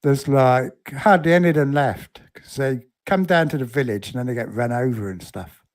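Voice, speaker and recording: A man co-hosting a casual podcast, telling stories with deadpan jokes. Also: medium pitch, normal speed. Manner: storytelling, joking, deadpan. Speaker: podcast co-host.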